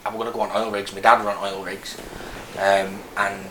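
Recorded in an echoey room with faint noise, a Lancashire-accented man in his thirties from Burnley, northern England, tells his story as an army veteran guest in a casual interview. His voice is on the low side, pushed and bright, with little pitch movement and a slightly fast pace. He speaks frankly but rambles, restarting often.

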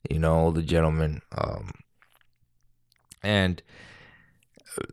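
A man in his thirties with a deep voice, talking in a casual, rambling monologue full of fillers and restarts. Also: slow, creaky, a little mellow, clean tone, no echo, studio quality. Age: 30s. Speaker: vlogger.

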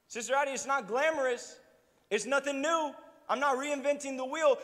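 A young pastor preaching with a very high voice, keeping his sermon loose and funny with plenty of asides to the room. His words trail off into a long, ringing reverb from the church sanctuary. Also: normal speed, pushed and bright. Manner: casual, humorous preaching with asides.

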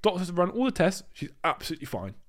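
A man's voice: high voice, very fast. A young man co-hosting a casual podcast chat, telling a story with lots of swearing and acted-out voices. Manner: animated storyteller, swears freely, acts out voices. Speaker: podcast co-host.

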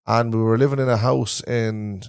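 A man's voice: medium pitch, steady tone, moderate pace, creaky, dry recording, studio quality. A man with an Irish Traveller accent, a podcast host who rambles and repeats himself while telling family stories in a casual chat recorded in a caravan.

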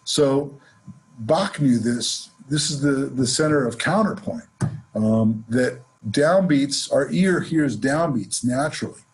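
A man teaching a jazz lesson, explaining scales in a relaxed way and counting off examples. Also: medium pitch, takes it slowly, slightly rough. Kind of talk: instructional lesson with playing examples.

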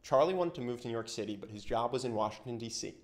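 A man's voice: mid-range voice, quick pace. A young man teaching how to handle tough conversations, telling stories and acting out the quotes in them. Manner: animated storytelling with acted-out quotes. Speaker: communication coach. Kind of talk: explanatory talk to camera.

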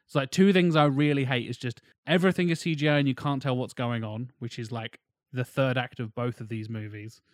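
A man in casual conversation, ranting bluntly about films and swearing freely. His voice sits at a middling pitch. The sound is dry and close, with no room echo. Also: steady tone, brisk, few pauses. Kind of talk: casual film chat.

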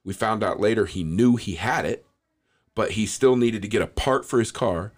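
A man's voice: fairly low pitch, moderate pace. A man hosting a casual chat, ranting and swearing freely. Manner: profane, ranting, animated. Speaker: podcast host.

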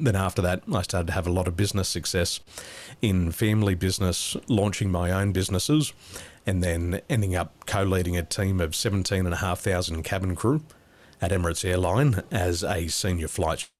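Deep-voiced Australian man telling his story. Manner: relaxed, anecdotal, chuckles at his own jokes. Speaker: guest, business coach. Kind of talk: interview storytelling.

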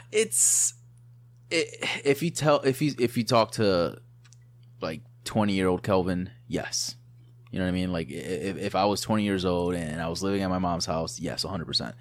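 Casual co-host, a man in his thirties with a very low voice; loose, rambling delivery. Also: moderate pace, no echo. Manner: relaxed, rambling, many fillers and restarts. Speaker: podcast co-host. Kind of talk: casual chat.

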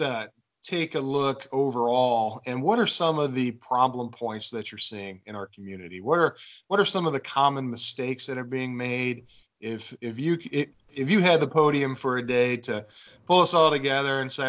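A man hosting an interview, friendly and halting as he asks a long question with repeated words. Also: medium pitch, a bit bright, rough recording. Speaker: host.

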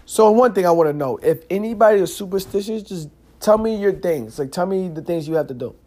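A man with a slightly higher voice talks through a casual solo podcast. He tells stories in loose, slangy street talk, swears often, and keeps saying "yo" and "like". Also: brisk. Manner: animated, slangy storytelling with frequent "yo" and "like"; curses freely. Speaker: podcast host.

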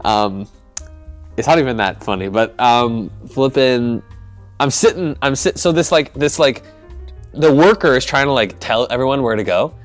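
A man's voice: mid-range voice, expressive, normal speed, faint music behind. A young man co-hosting a podcast, telling an embarrassing story in a rambling, self-mocking way with lots of laughing. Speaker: podcast co-host. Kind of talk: casual storytelling chat.

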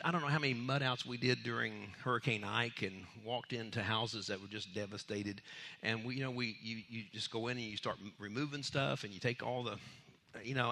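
A man preaching a sermon in a lively, conversational way, acting out the voices of the people in his story and laughing between points. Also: mid-range voice. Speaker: pastor.

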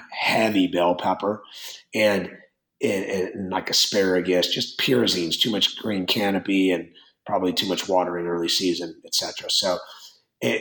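A very low-voiced man speaking as a winemaker in an interview, blunt and rambling, swearing offhandedly as he goes. His voice rings in a roomy, echoey space. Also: fairly bright tone. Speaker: winemaker and wine business owner. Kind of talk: interview conversation. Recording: roomy echo.

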